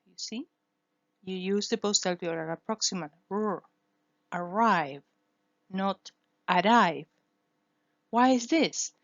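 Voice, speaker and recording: Woman, first language Spanish, phonetics teacher, slow careful delivery, dull dry recording. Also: mid-range voice, no room sound. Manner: slow, careful, demonstrates sounds repeatedly. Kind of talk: scripted lesson.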